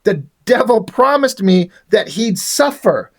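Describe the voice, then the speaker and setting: A man voicing a vengeful, furious female villain, read out in a flat way. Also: high voice, takes it slowly, full character voice.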